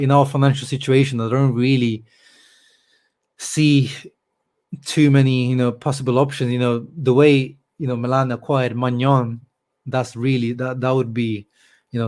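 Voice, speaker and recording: Casual male live-stream host, mid-pitch, loose and chatty, reads comments aloud. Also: a little mellow. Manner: chatty, many fillers, reads out viewer comments. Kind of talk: casual live-stream chat about football.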